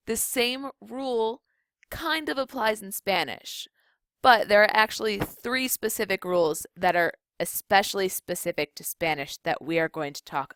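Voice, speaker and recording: A young woman teaching a recorded video lesson, explaining rules clearly and slowing down on key points. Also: medium pitch, fairly bright tone, dry recording, clean studio sound. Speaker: Spanish teacher.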